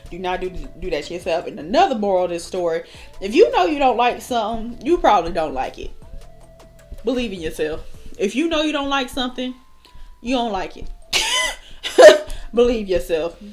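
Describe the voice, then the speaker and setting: A woman's voice: mid-range voice, normal speed, pauses often, faint music behind. A young woman telling a wild storytime while doing her makeup, swearing and laughing as she goes. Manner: animated, swearing, laughing often. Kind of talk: casual storytime chat.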